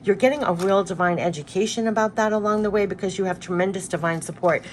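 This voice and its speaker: A woman's voice: medium pitch, fast talker, slight background noise. A woman giving a spiritual card reading to her viewers, earnest and repetitive, moved close to tears. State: tearful. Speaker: tarot card reader.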